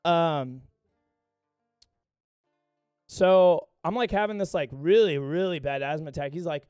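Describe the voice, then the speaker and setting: High-voiced, profane young streamer guy. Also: measured pace, darkish tone, smooth, dry recording, studio quality, soft background music. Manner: profane, rambling storyteller. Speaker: gaming livestreamer. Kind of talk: casual live stream chat.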